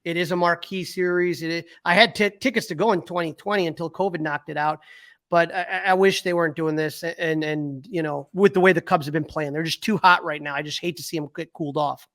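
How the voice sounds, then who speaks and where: A man's voice: a little high, steady tone, fairly quick, fairly bright tone, no echo, studio quality. A middle-aged man co-hosting a sports podcast in casual chat, reading out stats with fillers and restarts. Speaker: podcast co-host.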